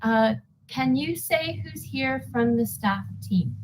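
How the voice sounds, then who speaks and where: A woman chairing an online board meeting over a video call, friendly and pausing often with fillers. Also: high-pitched, animated, darkish tone, a little hiss or hum, rough recording. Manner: friendly, with frequent filler pauses.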